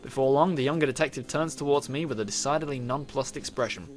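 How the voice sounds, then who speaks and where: A man's voice: mid-range voice, fast talker, hardly any pauses, soft background music. A man playing through a visual novel, reading its narration aloud and reacting with swearing and laughter. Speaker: gaming youtuber.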